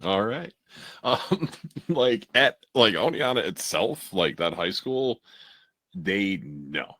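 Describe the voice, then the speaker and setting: A man's voice: fairly low pitch, very animated, takes it slowly, bright, forceful tone, no echo, clean studio sound. A middle-aged man co-hosting a podcast in laid-back casual chat, swearing often. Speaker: podcast co-host.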